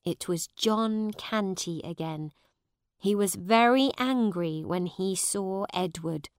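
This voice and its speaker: A woman narrating a simple storybook in a clear, measured way. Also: medium pitch, no echo, studio quality. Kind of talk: slow storybook reading for learners.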